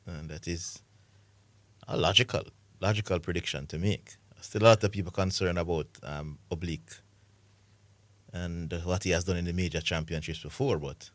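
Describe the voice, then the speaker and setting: Deep-voiced Jamaican man talking sports. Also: fairly even intonation, moderate pace, dry recording. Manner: laid-back, emphatic opinions. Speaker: sports radio co-host. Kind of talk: casual sports chat.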